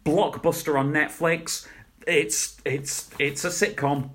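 A man's voice: fairly high pitch, steady tone, slow pace, a bit bright, a little hiss or hum. A young man co-hosting a podcast, chatting casually and rambling about shows, laughing at his own jokes. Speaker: podcast co-host. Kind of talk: casual chat reviewing shows.

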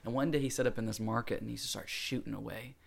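A man's voice: medium pitch, fast, gravelly. A man telling a story in a casual podcast chat, acting out the voices of people in it. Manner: animated, acts out voices in stories.

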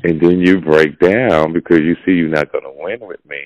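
A man's voice: moderate pace, a little mellow. A man hosting a podcast, giving a blunt, preachy opinion monologue in casual talk. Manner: blunt, preachy, gravelly and low. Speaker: podcast host. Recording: dull lo-fi audio.

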